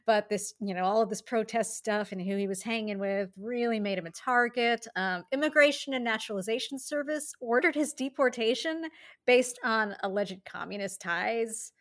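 Podcast co-host, woman, relaxed and amused narration. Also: a little high, normal speed. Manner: tells researched history in an easy, amused way, laughs often. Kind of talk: casual history podcast chat.

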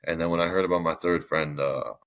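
A man's voice: sits low, fairly even intonation, fast, fairly bright tone. A young man speaking as a podcast guest, telling his story in a casual, rambling way with many fillers and restarts. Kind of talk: candid personal storytelling.

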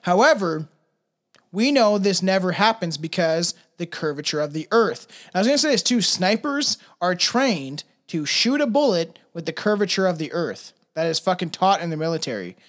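A man's voice: sits high, lively intonation, normal speed. A young man co-hosting a casual podcast, rambling and crude with frequent laughs. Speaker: podcast co-host.

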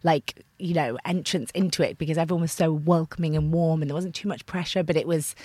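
A woman from Lincoln, England, chatting as an acting guest in an interview, animated and full of "like". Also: deep voice, quick pace, no room sound. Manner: animated, heavy use of filler "like". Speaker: actor as guest. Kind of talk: casual interview chat.

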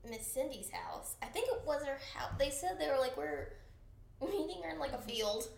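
Gravelly-voiced woman chatting on a podcast, says like a lot, echoey room. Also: sits high, lively intonation, normal speed, a little hiss or hum. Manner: chatty, swears freely, frequent "like". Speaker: podcast co-host. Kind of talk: casual chat.

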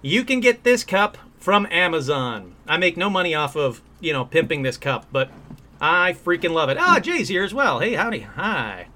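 High, lively chatty male host. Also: normal speed. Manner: chatty and upbeat, many ums and uhs. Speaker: host of a paranormal call-in show. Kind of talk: casual live-stream chat. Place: indoor room at home.

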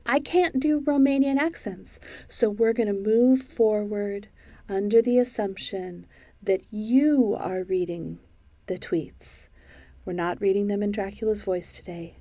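A woman podcast host who chats casually and self-deprecatingly, then settles into a calm, hushed sleep-story reading. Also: medium pitch.

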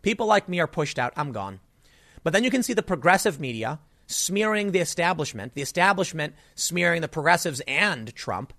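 A man delivers solo political commentary in an exasperated, ranting way, stumbling over restarts as his frustration spills out. His voice sits a little high for a man. It is recorded close and dry, with no room sound at all. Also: sing-song, brisk, pushed and bright, dry recording.

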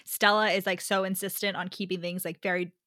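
A young woman co-hosting a casual book chat, animated and laughing often, with heavy use of "like". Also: lowish voice, brisk, no echo, studio quality. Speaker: podcast co-host.

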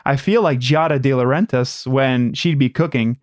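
Low-voiced playful woman co-host. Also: normal speed, hardly any pauses, a little mellow, no room sound, clean studio sound. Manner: goofy, playful, slips into silly voices. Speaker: podcast co-host. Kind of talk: casual chat.

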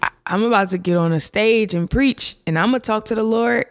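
A woman's voice: mid-range voice, fairly quick, no echo. A woman hosting a faith podcast, talking casually and from the heart with slang, and tearing up as she speaks. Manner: casual and heartfelt, slang-filled, gets emotional. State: tearful. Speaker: podcast host.

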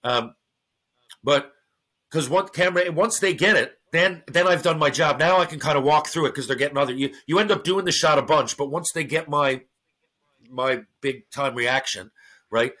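A man's voice: a little high, normal speed, sharp tone. A man, a former hockey player turned actor, telling stories in a casual podcast interview, acting out other people's lines and swearing freely.

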